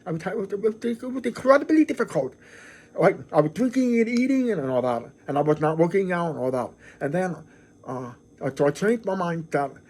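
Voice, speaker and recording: A man's voice: fairly high pitch, a little mellow, breathy edge. A middle-aged man hosting his own vlog, talking casually to the camera in an earnest, effusive way, often repeating and restarting his words. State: emotional, near tears. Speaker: channel host.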